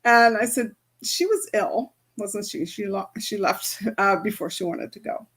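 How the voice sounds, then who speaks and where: A woman's voice: mid-range voice, measured pace, a bit bright, slightly rough. A woman who works as an energy healer, giving a casual spoken lesson on chakras and telling a story from her practice, with many fillers.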